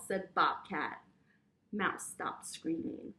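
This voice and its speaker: A woman teaching yoga to children, reading a story aloud in a gentle, encouraging way and roaring and meowing with them. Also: fairly high pitch, lively intonation, a little slow, recorded from a distance. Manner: gentle, encouraging, playful animal sounds. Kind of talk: storytime with kids' yoga instruction. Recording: echoey room.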